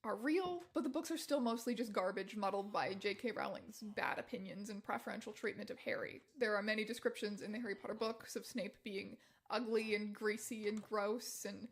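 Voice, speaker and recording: A woman's voice: medium pitch, fairly quick, few pauses. A female text-to-speech voice that reads out a chat guest's messages evenly and mechanically. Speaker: chat guest speaking through a voice bot.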